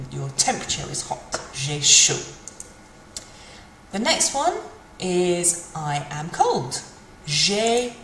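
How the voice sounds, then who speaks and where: Woman teacher going slow and careful, lowish voice, echoey room w/ faint background hum. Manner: slow, careful, repeats phrases for practice. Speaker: French teacher. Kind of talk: language lesson.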